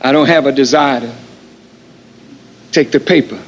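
A minister giving a sermon in slow, measured, deliberate phrases, played from an archive recording. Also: male voice, medium pitch. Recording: dull archival lecture audio with long hall reverb.

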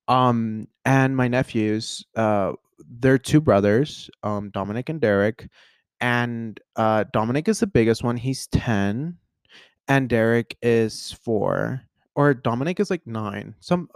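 A man's voice: mid-range voice, clear, resonant tone, no echo. A man hosting a casual solo podcast, talking in an earnest, rambling way full of fillers and restarts. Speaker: podcast host.

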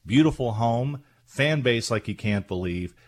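A man's voice: medium pitch, lively intonation, unhurried. A man hosting a radio talk show, chatting in an effusive, jokey way. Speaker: radio host. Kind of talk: casual radio chat.

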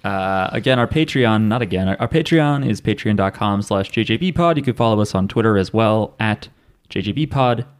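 A man's voice: fairly low pitch, animated, a little fast. A man hosting a podcast, chatting casually and rambling with restarts. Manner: rambling, self-interrupting. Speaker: podcast host. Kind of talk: casual chat.

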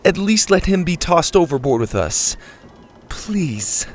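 A man voicing a brave young girl, speaking in a high, pleading, urgent voice in a storybook. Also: sing-song, takes it slowly.

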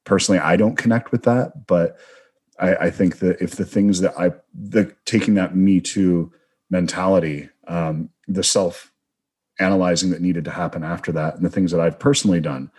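A man hosts an interview with a film director and muses at length, circling his points thoughtfully. His voice sits very low and has a slightly husky edge. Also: fairly even intonation, normal speed, a little mellow. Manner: thoughtful, rambling, reflective. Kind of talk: conversational interview.

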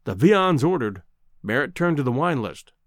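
A man narrating a classic story in an expressive storytelling manner. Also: medium pitch, moderate pace, no echo, clean studio sound. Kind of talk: audiobook narration.

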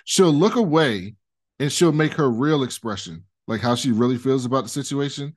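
A man's voice: medium pitch, lively intonation, moderate pace. Man casually recapping a TV episode. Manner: loose rambling retelling with many fillers. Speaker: podcast co-host.

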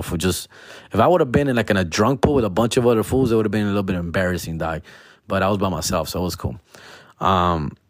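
A young man telling a story in a casual, slangy monologue, now and then breaking into loud exaggerated whines. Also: fairly low pitch, dry recording, clean studio sound.

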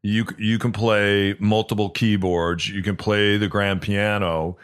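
A man in his fifties with a fairly low voice, hosting a casual conversation. He asks friendly, rambling questions and often restarts his sentences. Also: level tone, measured pace, clear, resonant tone. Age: 50s. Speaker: podcast host. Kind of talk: casual interview chat.

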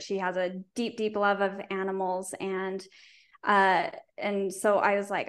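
A woman's voice: medium pitch, fairly even intonation, moderate pace. A middle-aged woman from rural Utah, a guest in a casual interview, telling stories earnestly and talkatively with frequent restarts.

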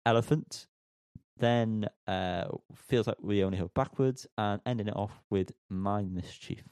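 A man's voice: fairly low pitch, a little slow, darkish tone, clean tone, no room sound. A man co-hosting a podcast in casual chat, rambling with many ums and teasing himself. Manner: rambling, self-mocking, lots of ums. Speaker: podcast co-host.

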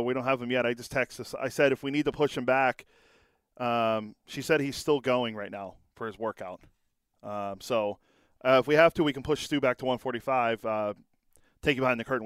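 A man's voice: medium pitch, smooth, dry recording. A man co-hosting a sports talk show, bantering casually into a studio microphone. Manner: casual, quick back-and-forth banter. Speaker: sports podcast co-host.

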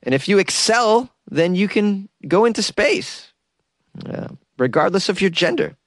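A man's voice: sits high, lively intonation, measured pace, dry recording, studio quality. Man riffing sarcastically on odd news. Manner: sarcastic, riffing, laughs at own jokes. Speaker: comedy news host. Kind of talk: sarcastic comedic news commentary.

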